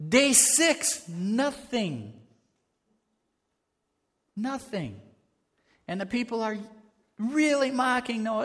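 A man's voice: high voice, sing-song, takes it slowly, pauses often, fairly bright tone. A man preaching a sermon as pastor, earnest and conversational, building to fervor. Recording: reverberant church hall.

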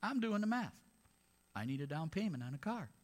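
A man's voice: a little high, sing-song, brisk. A man, a pastor, preaching a sermon in a conversational way, with sarcastic asides.

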